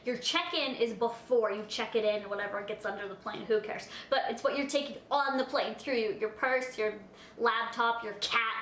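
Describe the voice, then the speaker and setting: Chatty high-voiced woman telling a story. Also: a little hiss or hum. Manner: chatty, rambling, full of "like" fillers; animated, acts out her own reactions. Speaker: vlogger. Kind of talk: storytime vlog. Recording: echoey room.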